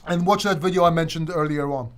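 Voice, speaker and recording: Male host, high voice, loose rambling livestream Q&A delivery with lots of restarts. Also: quick pace. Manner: casual, rambling, frequent restarts. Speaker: crypto channel host.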